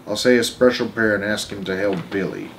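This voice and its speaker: A man voicing a devout, solemn father in a storybook read-aloud, measured in tone. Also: lowish voice, slight background noise, lightly acted.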